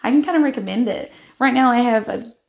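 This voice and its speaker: Upbeat New woman host, casual, fillers, fairly high voice. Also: fast talker, vocal fry, muffled recording. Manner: chatty, upbeat, uses "like" often. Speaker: podcast host. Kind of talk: casual chat. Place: bath.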